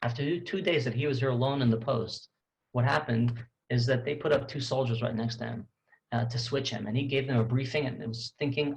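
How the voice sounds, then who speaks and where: The recording is rough, but this tour guide's story comes through lively and chatty. His voice is gravelly and creaky at an average pitch, and he stumbles, restarts, and repeats words as he animatedly retells what happened.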